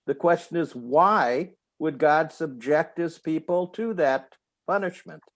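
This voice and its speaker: Un hombre participa en una clase en línea y responde con calma y explicaciones claras. Su voz es algo aguda. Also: male voice, a little high, unhurried. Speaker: class participant. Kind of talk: answering in class.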